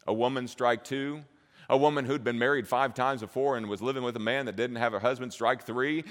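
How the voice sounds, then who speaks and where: A man preaching a sermon, moving from low, slow passages to loud, high-pitched crescendos. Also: fairly even intonation. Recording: long reverb of a hall.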